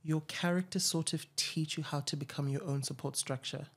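A woman interviewer asking questions and running a word game, softly encouraging her guest. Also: low-pitched, steady tone, brisk, husky. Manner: soft, encouraging backchannels.

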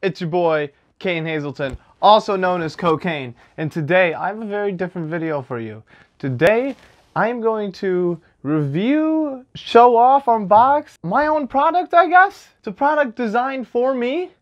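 A man's voice: sits high, measured pace, highs cut off. A young man hosting a casual unboxing vlog, joking and self-mocking as he talks. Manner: jokey, animated, self-mocking. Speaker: vlogger.

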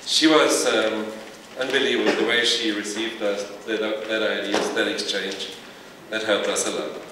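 A low-voiced man speaks earnestly in a halting tribute. He is heard from far back in a large hall with a long reverb tail and clear background noise. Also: steady tone. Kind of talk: tribute speech. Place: large ceremonial big house.

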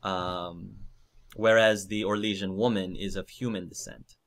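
A man's voice: low voice, fairly even intonation, unhurried. A man narrating a tabletop game as game master, hesitant, with many fillers.

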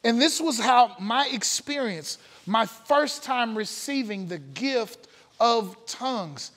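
High-voiced man preaching in echoing church. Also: expressive, slow, fairly bright tone. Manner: earnest storytelling with frequent "uh" fillers. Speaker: pastor. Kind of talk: testimony sermon. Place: church sanctuary.

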